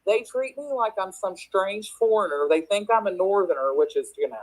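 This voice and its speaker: A woman's voice: medium pitch, expressive, fairly quick, darkish tone, low-quality recording. Chatty Appalachian Kentucky woman. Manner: chatty, laughs often, many restarts. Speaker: crypto project guest. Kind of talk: casual live audio chat. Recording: online audio space.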